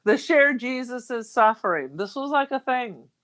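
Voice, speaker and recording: A woman co-hosting a podcast, chatting casually about a film with expressive reactions of disgust and shock. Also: sits high, measured pace. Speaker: podcast co-host.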